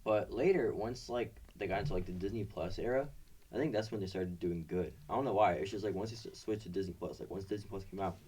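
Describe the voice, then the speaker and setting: A man's voice: on the low side, fast, a little mellow, recorded from a distance, a little hiss or hum. A young man co-hosting a casual podcast chat, rambling with lots of fillers. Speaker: podcast co-host.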